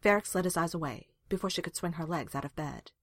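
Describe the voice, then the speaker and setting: A woman narrating a story aloud in a calm, even reading voice. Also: lowish voice, fast talker, dry recording, clean studio sound. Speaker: reader.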